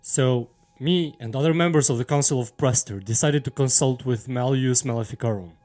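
A man's voice: mid-range voice, normal speed, a little mellow, faint music behind, close to an everyday voice. A man playing a church council father who speaks solemnly and with authority in an audio drama. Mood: grave. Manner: solemn, commanding.

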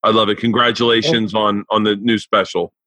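A man's voice: lowish voice, flat delivery, brisk, sharp tone, no echo. A man hosting a podcast, chatting casually with lots of swearing and stammered restarts. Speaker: podcast host. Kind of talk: casual interview chat.

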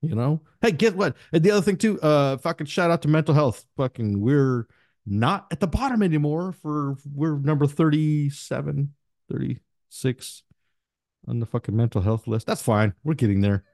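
A man hosting a podcast in casual chat, rambling through profane shout-outs. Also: on the high side, lively intonation, normal speed, no echo, clean studio sound. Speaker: podcast host.

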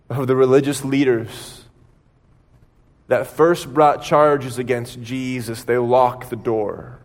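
A male pastor preaching a sermon, retelling a story dramatically with pauses. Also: medium pitch, long reverb tail.

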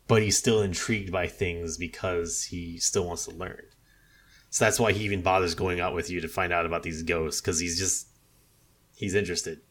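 A man's voice: deep voice, fairly even intonation, normal speed, fairly bright tone, slight background noise. A man in casual chat, retelling a video game's story in a rambling way, full of fillers and quoted lines. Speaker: podcast co-host discussing a video game.

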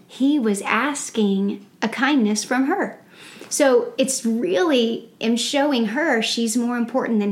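Woman podcast host for Bible study, bright higher voice, earnest and exclamatory. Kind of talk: Bible study discussion and scripture reading. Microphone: podcast microphone.

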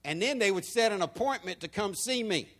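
A male pastor preaching a sermon, moving between quiet asides and loud, emphatic points. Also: high-pitched, a little fast. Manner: lively preaching with swings from soft to loud.

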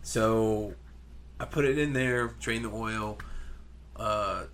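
A man's voice: lowish voice, takes it slowly. Casual storytelling man, swears freely. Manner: animated, swearing, imitates engine noises. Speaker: podcast co-host.

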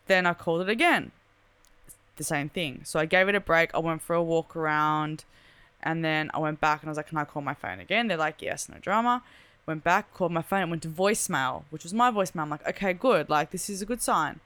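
A young woman telling a story in casual chat, animated and full of "like", acting out the voices in it. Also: low-pitched, a little fast, smooth, dry recording. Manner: animated, chatty, lots of "like", acts out quoted voices.

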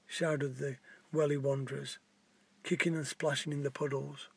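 Husky-voiced man reading a story. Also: a little high, steady tone, no echo. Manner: plain, halting reading with small restarts.

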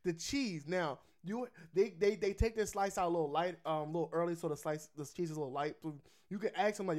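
A man's voice: a little high, quick pace, few pauses, darkish tone. A man chatting casually about pizza spots, laid-back and profane, laughing often. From Philadelphia.

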